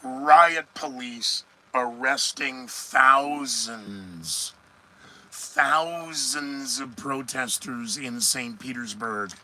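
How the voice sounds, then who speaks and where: A man of medium pitch and sharp tone speaks very slowly while hosting a solo news commentary podcast on a low-quality recording. He rambles with sarcasm and often responds to his own remarks.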